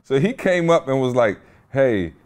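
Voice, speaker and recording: A man's voice: mid-range voice, very animated, moderate pace, a little mellow. Laid-back slangy man telling a story. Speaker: podcast host. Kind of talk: casual chat.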